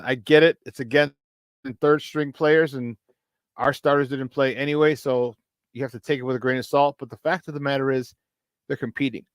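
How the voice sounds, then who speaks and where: Man, sports show host, hyped and laughing, smooth clear voice, slightly high pitch. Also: dry recording. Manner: hyped, shouting out chat viewers with frequent laughs. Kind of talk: casual sports talk show.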